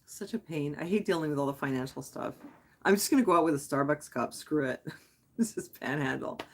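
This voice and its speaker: In a low voice with lively intonation, a native English-speaking woman from Quebec talks fairly quickly on her casual late-night livestream, answering viewers' comments. As host she rambles candidly, thinking aloud, restarting and saying "like" often.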